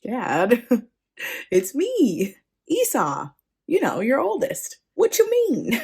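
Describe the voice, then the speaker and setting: A woman's voice: lowish voice, very animated, takes it slowly, husky, exaggerated voice. A woman voicing a wronged grown son who pleads with his father in slangy, wailing outbursts. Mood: casual.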